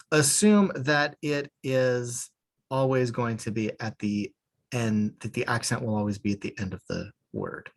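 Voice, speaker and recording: Guy teaching beginners, patient, walks through it step by step, cracks little jokes. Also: mid-range voice. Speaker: Hebrew teacher. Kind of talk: online class instruction.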